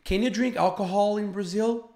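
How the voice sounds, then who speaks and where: Man putting on a quick, eager young American questioner. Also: high-pitched, steady tone, gravelly, a little mellow, pitched above the performer's own voice. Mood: curious.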